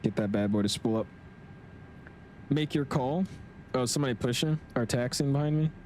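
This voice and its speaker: A man's voice: mid-range voice, normal speed, darkish tone, a little hiss or hum. Laid-back young man streaming a flight sim. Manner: laid-back, chatty, slangy, reads chat aloud. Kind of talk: casual live-stream commentary.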